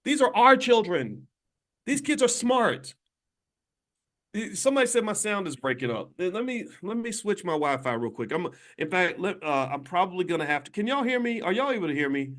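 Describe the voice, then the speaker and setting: Emphatic higher-voiced man preaching to viewers. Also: sing-song, a little fast, fairly bright tone. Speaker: financial commentator and channel host. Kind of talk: livestream talk to viewers. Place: hotel room. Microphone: phone.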